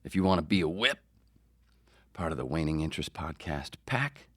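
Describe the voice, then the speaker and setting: A man's voice: rumbling low, lively intonation, normal speed. A man hosting his own comedy podcast, talking in a rambling, sarcastic, profane monologue. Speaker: podcast host.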